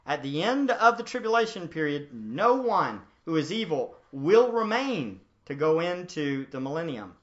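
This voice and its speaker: Guy preaching, high bright voice, talks with the crowd, kinda dull lo-fi sound. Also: sing-song, moderate pace, hardly any pauses. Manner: conversational, asks the audience questions. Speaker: pastor. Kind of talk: sermon, verse-by-verse Bible teaching.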